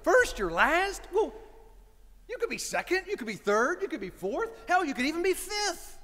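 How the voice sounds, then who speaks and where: A man's voice: very high voice, very animated, normal speed, pushed and bright, voice pushed up, exaggerated voice. A man voicing a careless, dismissive deadbeat father, in a reverberant church.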